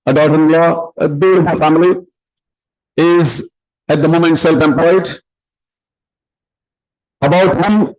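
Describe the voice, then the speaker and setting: A man's voice: fairly high pitch, darkish tone, rough recording. A man acting as emcee, introducing speakers at a community event in a rambling way with many fillers.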